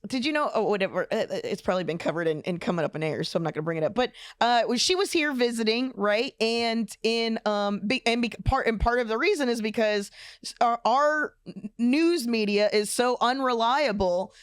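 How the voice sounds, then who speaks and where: A woman co-hosting a casual comedy podcast, telling stories in a halting way with many restarts. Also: a little high, smooth, no room sound. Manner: halting, restarts, laughs easily. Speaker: podcast co-host.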